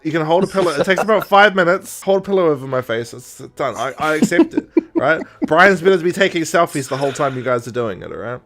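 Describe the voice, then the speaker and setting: A man's voice: a little high, quick pace, hardly any pauses. A man co-hosting a podcast at home, chatting casually and acting out characters in silly voices. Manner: animated, exaggerated, acts out characters in silly voices. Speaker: podcast co-host. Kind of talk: casual chat recapping episodes.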